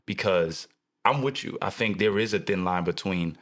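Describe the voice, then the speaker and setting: Young man, podcast co-host; low-pitched, animated and jokey, leans into preacher-style emphasis. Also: normal speed. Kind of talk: casual chat.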